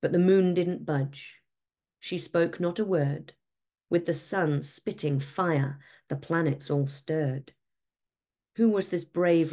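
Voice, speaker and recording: Slow, low-voiced woman reading a rhyming storybook. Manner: measured, expressive rhyming delivery. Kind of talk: rhyming storybook read-aloud.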